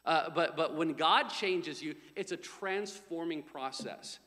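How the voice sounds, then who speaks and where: A man preaching a sermon, emphatic and repetitive, dropping his voice low for quiet spoken prayers. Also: takes it slowly. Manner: emphatic preaching, repeats key phrases, drops quiet for acted prayers. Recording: long hall reverb.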